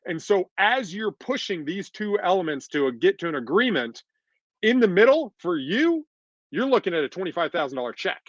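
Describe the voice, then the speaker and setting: A man's voice: sits high, big pitch swings, moderate pace, no room sound. A man casually talking on a podcast, making points with emphatic repetition. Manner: emphatic, repeats points, acts out quoted voices. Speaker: podcast co-host. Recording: dull lo-fi dry recording.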